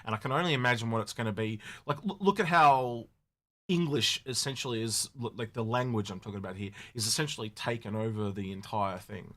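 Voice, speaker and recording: A man co-hosting a casual podcast, rambling and animated with many restarts. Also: on the low side, fairly quick. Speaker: podcast co-host. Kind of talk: casual chat.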